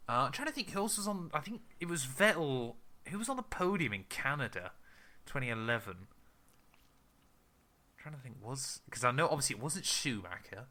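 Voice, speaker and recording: A man's voice: medium pitch, sing-song, brisk, pushed and bright. A young man co-hosting a casual podcast, thinking aloud with lots of ums while answering a quiz. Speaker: podcast co-host. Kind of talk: casual chat.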